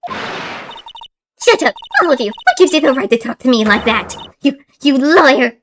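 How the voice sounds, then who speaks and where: A woman voicing a spiteful young female witness in a courtroom game, shrill and indignant. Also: lively intonation, unhurried, heavy background noise.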